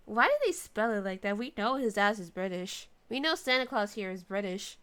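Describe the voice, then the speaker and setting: A woman's voice: medium pitch, expressive, normal speed, few pauses, background noise. A young woman streaming a game, chatty and joking, commenting casually between lines. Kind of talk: casual let's-play commentary.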